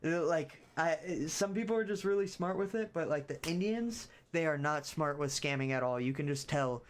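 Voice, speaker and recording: A man's voice: on the high side, expressive, normal speed, hardly any pauses, smooth. A young man streaming, rambling casually with frequent swearing and loose storytelling. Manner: rambling, many fillers and restarts, swears casually. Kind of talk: casual chat.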